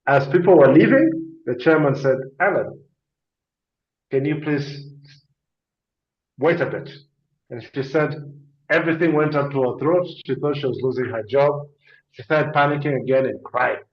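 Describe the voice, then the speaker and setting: A man's voice: medium pitch, moderate pace, long pauses, dull audio. Earnest man explaining on a roomy studio line. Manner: earnest, explanatory, emphatic with rhetorical questions. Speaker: guest speaker on addiction and mental health. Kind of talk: radio talk-show explanation with storytelling.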